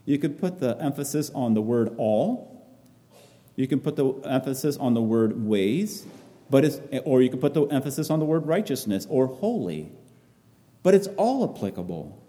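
Male preacher, very dark mellow tone, echoing hall, earnest halting delivery. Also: mid-range voice, big pitch swings. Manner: repetitive, halting, earnest phrasing. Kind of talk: sermon, reading and expounding scripture.

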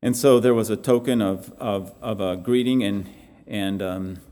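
Male preacher, earnest sermon delivery with halting restarts, mellow tone, long church reverb. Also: lowish voice, steady tone.

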